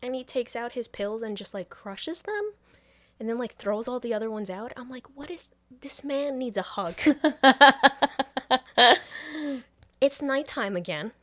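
Her voice is fairly high, her pace unhurried, with frequent pauses as this female podcast co-host recounts a movie plot. The casual, animated recap is laced with profanity and quoted character lines.

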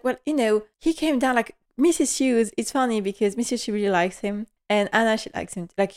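A young woman casually recapping a TV episode, chatty and gushing, acting out bits of dialogue as she goes. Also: mid-range voice. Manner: chatty and gushing, acts out quotes, laughs often. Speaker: TV series recap vlogger.

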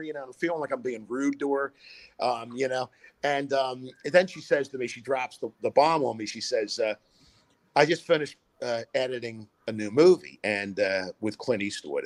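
A man's voice: medium pitch, a little fast, no room sound. A middle-aged man, a filmmaker guest, telling a long story in a casual interview, rambling with many fillers and restarts.

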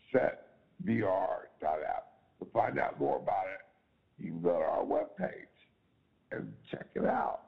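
A man hosting an online talk show with enthusiasm, repeating himself and addressing the audience as ladies and gentlemen, on dull lo-fi call audio. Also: lowish voice, gravelly. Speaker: show host.

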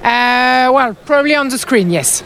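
A woman's voice: high voice, expressive, moderate pace, fairly bright tone, a little hiss or hum, poor audio. A woman fan speaking cheerfully in a street interview. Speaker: passer-by, fan.

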